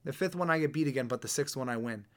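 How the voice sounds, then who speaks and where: A man's voice: medium pitch, fast talker. A man in his thirties hosts a podcast and gives a casual motivational talk in a mid-range voice. He is blunt and earnest and keeps restarting his phrases as he thinks. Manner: earnest, blunt, repeats words while thinking. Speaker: podcast host.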